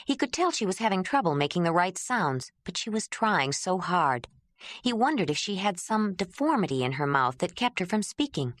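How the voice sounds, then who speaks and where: Low-voiced woman narrating an audiobook. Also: no echo, clean studio sound. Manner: measured, even storytelling. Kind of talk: scripted narration.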